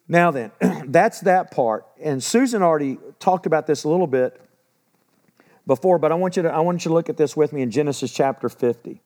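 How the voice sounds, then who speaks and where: A man preaching a sermon in a relaxed, conversational teaching voice. His voice sits a little higher than most men's, and he drives points home by repeating them. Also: a little fast. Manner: conversational Bible teaching with emphatic repetition. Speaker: pastor.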